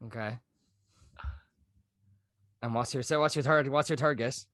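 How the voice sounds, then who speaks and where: A young man co-hosting a podcast, teasing his friend and swearing casually in relaxed chat. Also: mid-range voice, measured pace. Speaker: podcast co-host.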